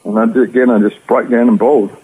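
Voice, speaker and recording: Fast-talking Australian man on a phone line. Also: mid-range voice, little pitch movement. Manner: rapid, rough storytelling with slang. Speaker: interview guest. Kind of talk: personal testimony.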